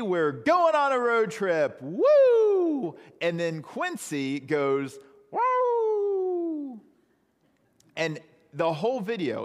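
A man's voice: mid-range voice, in a large hall. A man preaching a sermon as pastor, in a conversational storytelling manner.

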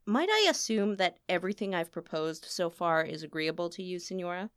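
A woman's voice: fairly low pitch, lively intonation, brisk, clear, resonant tone, lightly acted. A woman voicing a guarded male opera impresario who speaks coolly and dryly. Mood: coaxing. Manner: dry, clipped, coolly sardonic.

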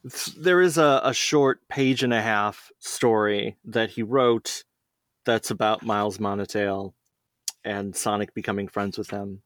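A man's voice: fairly low pitch, a little slow, fairly bright tone, no echo, clean studio sound. A man who co-hosts a podcast, reading a children's story aloud in a playful way and chatting casually. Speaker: podcast co-host.

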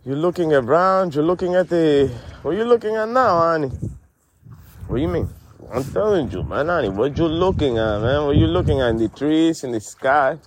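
A man's voice: fairly high pitch, lively intonation, normal speed, a little hiss or hum, lightly acted. A man doing a brash Spanish-accented DJ guy. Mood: teasing. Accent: Spanish-accented English. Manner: teasing, rambling, ends every phrase with "man". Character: brash, pushy male DJ who says "man" constantly. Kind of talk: improvised comedy podcast sketch.

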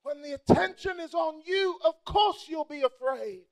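A woman preacher with a very high voice that carries a gravelly edge. She delivers a fiery sermon, shouting and repeating her lines, then dropping into sassy asides to the congregation. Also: moderate pace.

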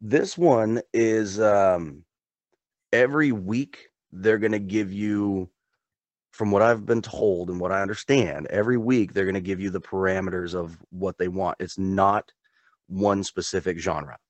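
A laid-back man with a very low, deep voice chats in a rambling, easy way on a podcast, with the odd chuckle between thoughts. The sound is dry and close, with no room echo. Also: measured pace. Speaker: podcast co-host. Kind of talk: casual chat.

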